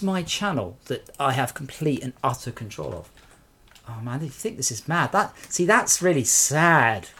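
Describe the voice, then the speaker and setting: A man's voice: mid-range voice, big pitch swings, normal speed, sharp tone, a little hiss or hum. A man streaming a game live and sarcastically scolding trolls in his chat.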